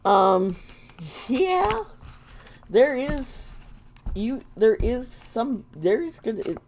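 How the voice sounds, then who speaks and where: Slow-talking woman reading tarot live. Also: fairly high pitch, big pitch swings, darkish tone, a little hiss or hum. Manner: chatty, unhurried, laughs often, blunt warnings. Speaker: tarot reader.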